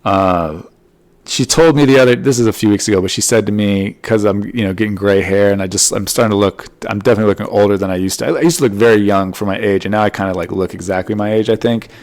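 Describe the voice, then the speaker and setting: A man's voice: on the low side, fairly even intonation, fast, a little mellow. A man hosting his own comedy podcast, talking in a loose, rambling solo monologue. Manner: rambling, loose, full of "you know" and "like".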